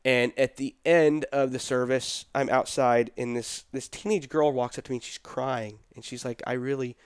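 A middle-aged man telling a personal story in casual conversation, animated and quoting the people in it. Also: medium pitch, moderate pace, clear, resonant tone, no room sound, studio quality. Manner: animated, quotes people in his story, laughs between. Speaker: guest telling his story.

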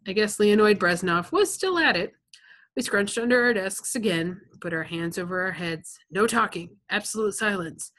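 A woman's voice: medium pitch, lively intonation, normal speed, fairly bright tone. A woman reading a novel aloud to listeners, stopping now and then to explain things in a chatty, plain way. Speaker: reader.

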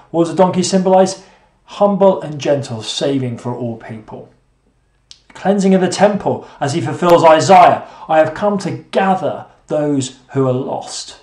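A male preacher giving a sermon, asking rhetorical questions and repeating phrases, at times emphatic and at times hushed. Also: fairly high pitch. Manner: swings between emphatic and hushed delivery. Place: church hall. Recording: echoey room.

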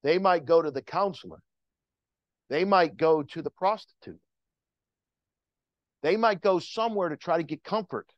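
A man's voice: fairly high pitch, normal speed, long pauses, no echo. Male pastor, fervent sermon, rising calls to the flock, dry and muffled sound. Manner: impassioned preaching with rising calls to the congregation. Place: church sanctuary.

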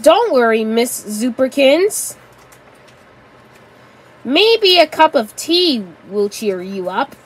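A woman voicing a cheerful, friendly young female flamingo in a storybook tale, talking eagerly and slowly. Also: sits high, sing-song, slightly rough, exaggerated voice, low-quality recording.

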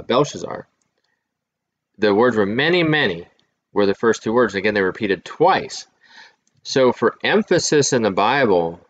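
A man with a fairly low voice talks through his ideas as host of his own channel, often pausing and restarting mid-thought. The recording sounds muffled and lo-fi. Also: a bit bright. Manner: musing, thinking aloud with restarts. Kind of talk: casual commentary to camera.

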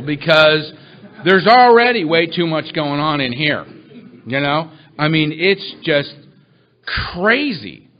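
Self-mocking man at a recovery meeting. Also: fairly high pitch. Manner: self-mocking, animated, acts out quotes. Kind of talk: humorous storytelling talk. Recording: muffled lo-fi recording.

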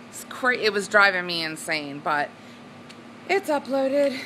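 Bubbly woman with a bright voice. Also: lowish voice, moderate pace, a little hiss or hum, low-quality recording. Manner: bubbly, giggly, excitable. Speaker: weight-loss vlogger. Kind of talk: casual vlog chat. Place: at home indoors, then on a swing.

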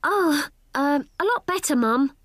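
A very high-voiced guilty little boy. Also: animated, unhurried, a bit bright, no room sound, clean studio sound. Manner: eager, apologetic. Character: young boy, earnest and quick to feel guilty.

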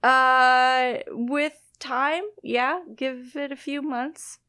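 A woman's voice: high-pitched, fairly even intonation, slow pace, a bit bright, no echo. Chatty woman with a dry close sound. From Midwest US, Illinois-Wisconsin border. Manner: chatty, laughs often, self-deprecating. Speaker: guest scientist. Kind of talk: casual conversation.

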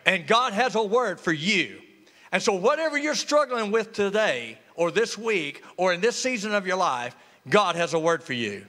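A man's voice: high-pitched, big pitch swings, normal speed, sharp tone. A male pastor, preaching a sermon in a church with humor and call-and-response. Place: church sanctuary. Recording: reverberant church hall.

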